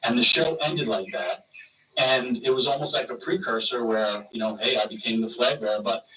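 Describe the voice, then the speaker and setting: Animated man telling wrestling stories, bright voice. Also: medium pitch, normal speed, distant mic, a little hiss or hum, rough recording. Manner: animated, acts out quoted voices. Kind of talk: casual storytelling.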